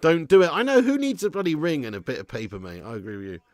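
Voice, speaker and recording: A man's voice: a little high, huge pitch swings, quick pace, no room sound, clean studio sound. A man with a casual, laughing manner hosts a football watch-along stream, swearing freely and reading viewers' messages aloud. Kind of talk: casual live-stream chat.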